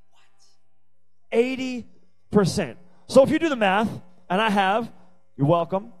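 A man's voice: high voice, poor audio. A man preaching a youth sermon, emphatic and repetitive, with playful asides. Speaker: youth pastor. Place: youth service venue.

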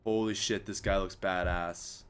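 A man's voice: deep voice, steady tone, measured pace, slight background noise. A young Canadian man casually commenting as he plays a shooter, joking and repeating lines from the game. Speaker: gamer playing a shooter.

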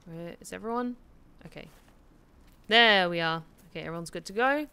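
Casting note: woman streamer, bright, forceful voice, chatty and foul-mouthed, loose live-stream delivery. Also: lowish voice, normal speed, clear, resonant tone. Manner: chatty, swears freely, talks to chat. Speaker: streamer and hobby voice actor. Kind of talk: casual live-stream chat while gaming.

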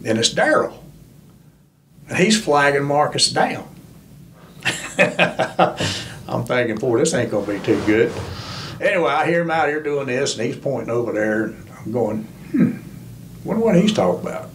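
Older man, podcast guest; lively folksy storyteller, medium pitch, light noise floor. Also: moderate pace, pauses often. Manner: folksy, animated storyteller who acts out quoted voices. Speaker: interview guest, former crew chief.

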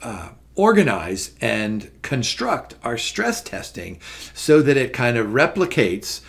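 A man's voice: mid-range voice, big pitch swings, slow pace, creaky. A middle-aged man teaching an exam prep lesson over slides, chatty and loose, with many fillers and restarts. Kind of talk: recorded lecture over slides.

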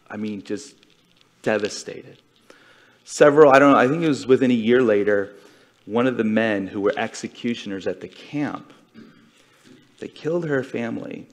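A man giving a conversational sermon to a congregation, retelling a story earnestly and with feeling. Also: lowish voice. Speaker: congregation speaker.

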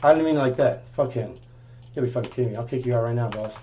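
A man's voice: mid-range voice, very fast, warm tone, dull audio, a little hiss or hum. A man livestreaming, trading brash, profane taunts and repeating his jabs. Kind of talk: heated livestream argument.

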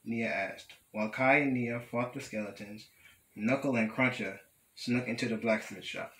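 A young male student reading a children's picture book aloud at a steady, careful pace. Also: medium pitch, normal speed, roomy sound, rough recording. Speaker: student storyteller.

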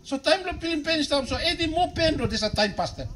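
A man with a Papua New Guinean accent preaching a sermon as a bishop, emphatic and animated, swinging between loud exhortation and low, quiet asides. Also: quick pace, slight background noise, low-quality recording.

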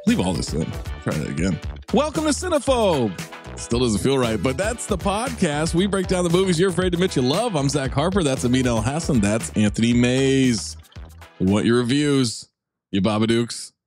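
A man hosting a movie podcast, joking loosely between quick promo reads. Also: medium pitch, very animated, over music. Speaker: podcast host. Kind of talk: casual movie podcast banter.

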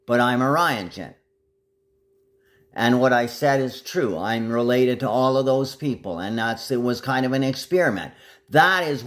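A man's voice: mid-range voice, fairly bright tone. A man delivering a rambling, agitated monologue to camera, jumping from one topic to the next.

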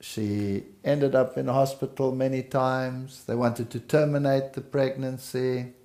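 A middle-aged South African man, telling his life story, earnestly recounts his family's past as personal testimony within a conversation. His medium-pitched voice is mellow and steady, and he narrates slowly.

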